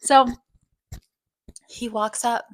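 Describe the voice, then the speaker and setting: A woman's voice: a little high, steady tone, extremely slow, a bit bright. Rambling, profane woman storyteller. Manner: rambling, heavy filler "like", profane. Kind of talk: casual storytelling.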